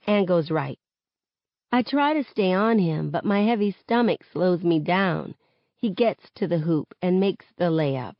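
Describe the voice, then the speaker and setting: A woman reading a novel aloud in first person, with expressive narration. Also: on the low side, no room sound. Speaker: reader. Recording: dull, close, dry audio.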